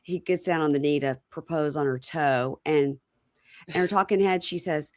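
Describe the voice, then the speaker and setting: A woman podcast host casually recapping a reality TV episode, telling it as an animated story and acting out what people said. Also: deep voice, normal speed.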